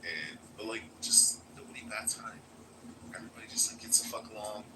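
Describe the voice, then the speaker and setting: A deep-voiced man from Florida chats loosely on a live stream, swearing often and padding his sentences with filler. The audio carries a clear layer of background noise throughout. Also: brisk. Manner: rambling, profane, heavy on filler words. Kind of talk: casual live-stream chat.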